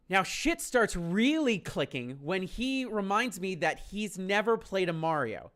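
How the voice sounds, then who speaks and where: A man's voice: high voice, big pitch swings, slow pace, a bit bright. A man telling a story on a stream, profane, incredulous and exasperated.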